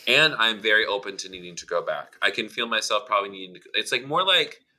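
A man's voice: fairly low pitch, lively intonation, fast, bright, forceful tone, slight background noise. A man co-hosting a casual chat, blunt and emphatic, swearing freely.

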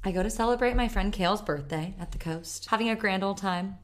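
A woman's voice: mid-range voice, fairly quick. Young woman telling a rambling story. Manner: animated storyteller, swears freely, laughs often. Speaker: podcast co-host. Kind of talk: casual storytelling chat.

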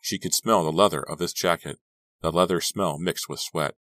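A man narrating an audiobook in an even, steady storytelling voice. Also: sits low, moderate pace, no room sound.

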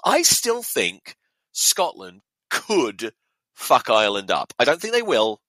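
A man's voice: medium pitch, slow pace, dry recording. A young man hosting a podcast, ranting casually and profanely about rugby fans. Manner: lively, profane, ranting with mock voices. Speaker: podcast host.

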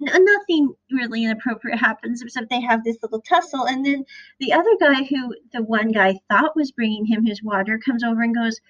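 A chatty woman from the Midwest recaps a series on her podcast, retelling scenes in an animated way. Her voice sits a little high. The recording is dull and lo-fi. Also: fairly quick. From American Midwest. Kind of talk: casual recap monologue.

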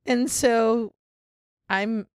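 A woman's voice: fairly high pitch, steady tone, very slow, clear, resonant tone, dry recording, studio quality. A woman in her late fifties co-hosting a podcast in casual chat, tired and slap-happy, laughing often. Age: 50s. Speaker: podcast co-host. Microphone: studio mic.

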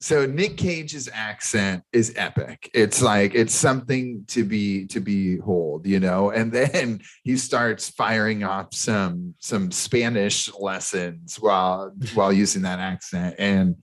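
A man's voice: on the low side, slow pace, few pauses. Sarcastic, playful podcast co-host man. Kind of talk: casual movie chat.

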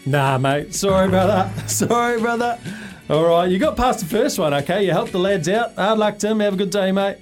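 Upbeat Kiwi male radio host, high voice, breezy quiz banter, light music bed. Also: moderate pace. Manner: upbeat, laughs a lot, calls people mate.

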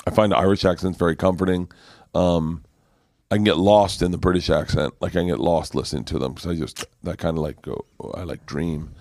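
A man's voice: fairly quick, no echo, studio quality. A comedian man chatting casually on a podcast as the guest, telling stories and jumping into comic impressions. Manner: animated storyteller, bursts into high comic impressions.

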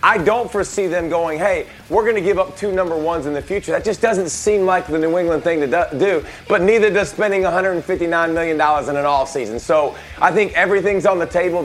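A man's voice: fairly high pitch, fairly bright tone. A man arguing as a sports analyst in an emphatic, joking way. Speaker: panelist analyst. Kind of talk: sports talk debate.

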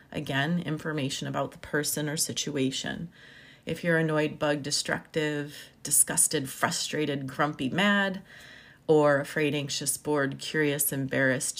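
A woman who counsels first responders, talking in a measured way about emotions and often listing feelings one word at a time. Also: deep voice, vocal fry. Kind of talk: reflective talk on emotions.

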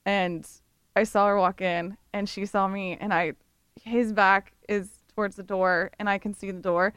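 A woman's voice: medium pitch, flat delivery, normal speed, fairly bright tone, clear, resonant tone, dry recording, studio quality. A woman on a radio show telling a story in casual chat, giggling often.

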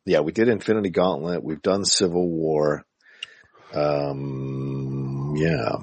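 A man hosting a podcast in casual chat, relaxed, swearing offhandedly and trailing off with fillers. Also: extremely low pitch, slow, no echo. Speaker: podcast host.

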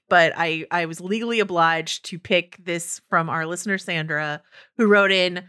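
A woman from Northern California co-hosting a podcast in casual chat, animated and laughing often. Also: medium pitch. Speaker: podcast co-host.

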